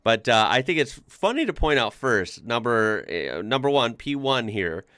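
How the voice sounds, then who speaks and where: A man's voice: mid-range voice, sing-song, moderate pace, fairly bright tone, clean tone, dry recording. Guy reacting to clips, chatty, lots of ums and laughs, voice jumps around a lot, dry close sound. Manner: chatty, laughs often, many fillers and restarts. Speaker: reaction video host. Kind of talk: casual reaction commentary.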